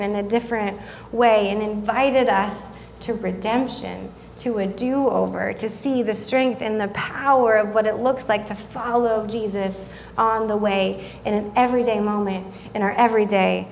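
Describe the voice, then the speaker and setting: A woman, giving a sermon as a guest speaker, telling a family story in a chatty, self-deprecating way and softening when she reflects. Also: mid-range voice, slight background noise. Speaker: guest speaker at a young adult service.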